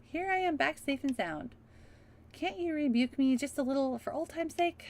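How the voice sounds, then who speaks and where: A woman's voice: high voice, expressive, normal speed, pitched above the performer's own voice. A woman voicing a cheerful, proud young noble girl with an eager, affectionate manner. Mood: happy. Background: game music.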